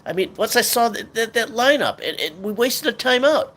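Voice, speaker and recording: A man's voice: extremely high pitch, lively intonation, fairly quick, fairly bright tone. A man hosting a sports talk show, venting in an angry, swearing rant about his team. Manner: frustrated, swearing, ranting fan.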